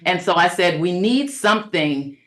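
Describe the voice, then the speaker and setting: A woman's voice: lowish voice, animated, moderate pace. A middle-aged woman coaching childcare owners in a webinar talk, earnest and conversational with many fillers, and preacherly as she cites scripture.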